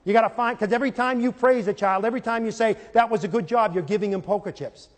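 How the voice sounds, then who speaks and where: A man's voice: high voice, fast talker. A middle-aged man giving a live lecture on parenting and teaching to an audience. He tells stories with animation and acts out scenes in character. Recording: hall with long reverb.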